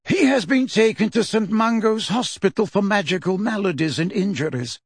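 A man voicing an elderly wizard headmaster who speaks in a measured, authoritative and courteous way, in a dry, close recording. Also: high voice, husky, no echo, pitched above the performer's own voice. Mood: calm, urgent. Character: elderly wise male headmaster wizard, calm and commanding.

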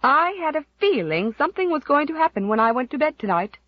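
A woman's voice: on the high side, very animated, moderate pace, dry recording, lo-fi sound, voice pushed up. A woman voicing a querulous elderly spinster aunt in an audiobook, complaining and dwelling on dire omens. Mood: ominous. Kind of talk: audiobook character voice.

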